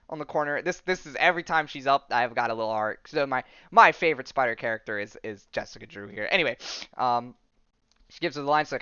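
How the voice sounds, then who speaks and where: A young man hosts a casual comic recap in a smooth, resonant voice of middling pitch. He rambles with enthusiasm and stumbles through restarts and slangy asides. The sound is dull and lo-fi in a dry, deadened space. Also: animated, brisk, sharp tone, dry recording. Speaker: podcast host.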